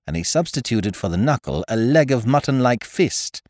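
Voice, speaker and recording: Guy reading a story out loud, super animated delivery, low voice, dry close mic sound. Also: normal speed, no echo. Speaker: podcast narrator. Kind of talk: scripted story narration.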